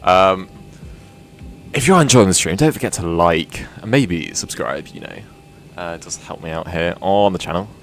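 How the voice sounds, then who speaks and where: A British man with a very deep voice hosts a relaxed live stream and chats loosely to his viewers. He rambles and pokes fun at himself between tasks. Soft music sits faintly under his talk. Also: normal speed. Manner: rambling, self-deprecating, chatty asides. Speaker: flight sim live streamer. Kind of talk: casual live-stream chat.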